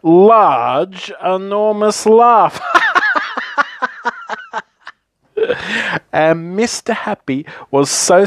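A man reading a children's story aloud in a playful, lively, repetitive way. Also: fairly high pitch, dry recording.

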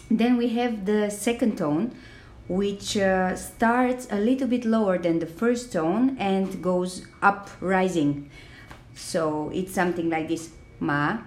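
A woman teaching a podcast language lesson, talking slowly and carefully with many fillers and modelling sounds aloud. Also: medium pitch, slight background noise.

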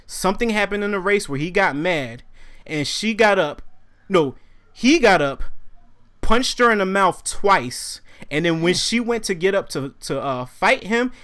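A young man with a slightly high voice tells a story in a relaxed podcast chat. He acts out the people in it, jumping up and down in pitch as he quotes them. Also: measured pace. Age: young adult. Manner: animated storyteller acting out quotes.

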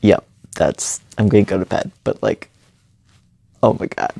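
Slow gravelly-voiced young man. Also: on the low side, warm tone, no room sound. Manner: earnest, halting, emotional. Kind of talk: personal late-night monologue.

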